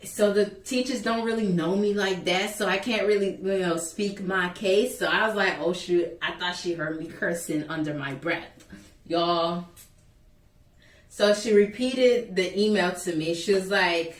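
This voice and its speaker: A woman's voice: on the low side, steady tone, unhurried. A young woman vlogger animatedly retelling a school story in a casual, exasperated way. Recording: echoey room, voice a bit far from mic.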